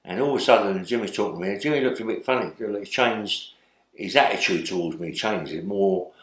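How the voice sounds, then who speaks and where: Sitting for an interview in an echoey room, an older man tells stories in a rambling way, talking a little fast in a lowish voice. He often ends lines with tag questions like "yeah?"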